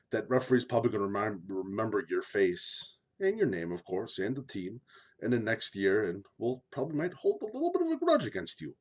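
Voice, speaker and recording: A man who is a former high school line coach, talking bluntly and repetitively, pleading and swearing casually in an opinion monologue.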